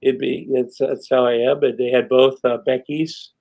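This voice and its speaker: In a casual storytelling interview, the middle-aged podcast guest speaks in a mid-range, creaky voice at a moderate pace. He rambles and swears, acting out the dialogue of the people in his stories.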